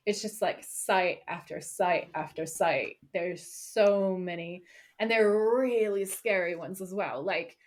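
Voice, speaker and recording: A woman's voice: lowish voice, takes it slowly. A woman co-hosting a podcast, chatting in an enthusiastic, gushing way. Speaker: podcast co-host. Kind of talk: casual chat.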